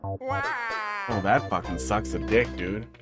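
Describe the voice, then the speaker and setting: A man's voice: medium pitch, wildly swooping pitch, takes it slowly, over loud music. A man streaming a game, casually chatting with viewers and talking fondly to his cats. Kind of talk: casual live-stream chat.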